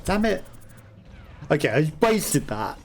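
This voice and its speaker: An unhurried gameplay commentator whose pitch swings widely as they talk. They chat casually over the match, laughing often and tossing jokey asides to absent teammates. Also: sing-song, slight background noise. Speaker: let's play host.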